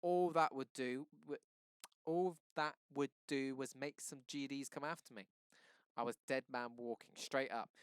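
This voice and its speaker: A man reading aloud and voicing a frightened teenage boy who speaks in a rushed, pleading way. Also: a bit bright, clear, resonant tone, no echo, lightly acted. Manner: pleading, rushed and raised in pitch. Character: scared, desperate teenage boy.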